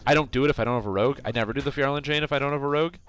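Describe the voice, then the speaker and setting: A man's voice: medium pitch, very fast, a bit bright, a little hiss or hum. A man streaming a game, chatting casually in a rambling way with plenty of fillers and self-corrections. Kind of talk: casual chat while playing.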